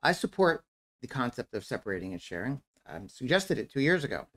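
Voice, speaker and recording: Man, blunt, critical, public comment, lively up-and-down pitch, repeats himself. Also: a little fast. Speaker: resident commenter. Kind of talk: public comment at a town forum.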